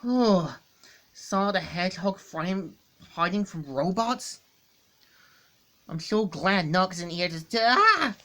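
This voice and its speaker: A woman's voice: fairly low pitch, slow, long pauses. A woman voicing a cocky young male hedgehog hero from a comic, brash and jumpy, reading his lines aloud. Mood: startled.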